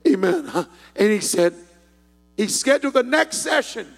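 An older man with a Southern US accent preaching a sermon in a folksy storytelling manner that builds into fervent shouting. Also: very high voice, expressive, a little slow, creaky. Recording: long hall reverb.

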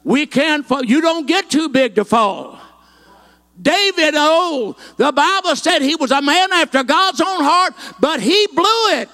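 A man's voice: very high voice, animated, a little slow, pushed and bright. A man pastor, preaching a fervent sermon and stringing phrases together with rhythmic "uh" fillers.

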